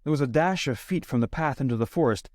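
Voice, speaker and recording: A man narrating a classic short story as an audiobook reader, steady, lifting his voice for quoted lines. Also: mid-range voice, fast talker, no room sound, clean studio sound. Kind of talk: scripted narration.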